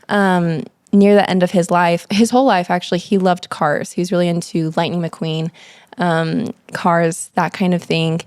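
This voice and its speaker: A woman's voice: medium pitch, a little mellow, no room sound, clean studio sound. A woman guest on a podcast, chatting casually and eagerly affirming the other speaker. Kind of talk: casual conversation.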